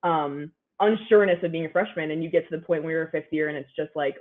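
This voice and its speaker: A woman's voice: low-pitched, fairly even intonation, fast, few pauses. A young woman in her twenties, an athlete guest giving upbeat, chatty interview answers full of "like"s. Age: 20s. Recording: phone-like narrow line.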